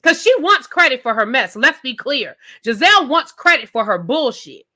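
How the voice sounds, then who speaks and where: Speaking directly to her stream audience, a woman tears into a reality TV show with a profane, emphatic rant. Her voice sits high with big pitch swings, a sharp tone, and a moderate pace.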